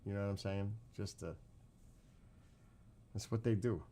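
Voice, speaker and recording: A man from New York talks casually with his stream chat, his New York accent thick on every word. His voice sits somewhat low. He rambles from one aside to the next, quizzes the viewers and breaks into laughter often. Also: steady tone, unhurried, mellow, a little hiss or hum. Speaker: live streamer.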